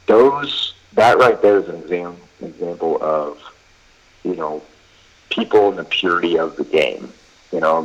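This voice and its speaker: A man's voice: a bass voice, husky, rough recording. A man who coaches college baseball, chatting casually on a podcast and telling rambling stories full of fillers and quoted back-and-forth. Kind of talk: casual podcast chat, storytelling.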